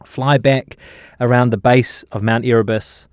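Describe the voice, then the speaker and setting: A man's voice: mid-range voice, unhurried, dry recording, studio quality. Chatty New Zealand man telling stories. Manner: animated anecdotes with many fillers and restarts. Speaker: journalist guest. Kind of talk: casual storytelling interview.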